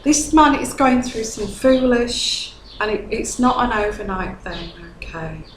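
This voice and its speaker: Woman, tarot reader, slow consoling delivery, roomy echoey room, faint background hum. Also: a little high, expressive. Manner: earnest and consoling, repeats "okay?". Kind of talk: tarot reading addressed to a viewer.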